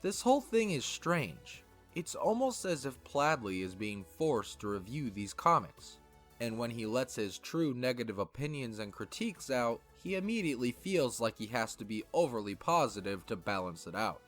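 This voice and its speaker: Lively male video-essay narrator. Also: mid-range voice, moderate pace, faint music behind.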